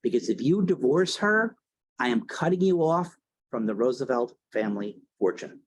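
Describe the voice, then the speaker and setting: A man's voice: mid-range voice, animated, normal speed, breathy edge. A man lecturing voices a stern, wealthy older mother bluntly scolding her grown son.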